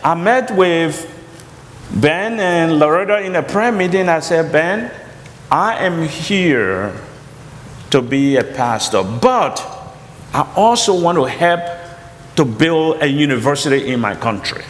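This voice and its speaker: A man with a Liberian accent telling his life story as a chapel guest, in an earnest voice that climbs high when he quotes others. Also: animated, unhurried, long reverb tail. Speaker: college founder and chapel guest. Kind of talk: storytelling testimony on stage.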